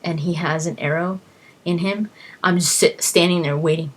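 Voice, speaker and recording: Low husky-voiced woman chatting excitedly. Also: normal speed. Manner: excitable, rambling, repeats words as she talks. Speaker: gaming vlogger. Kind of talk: casual chat about a video game.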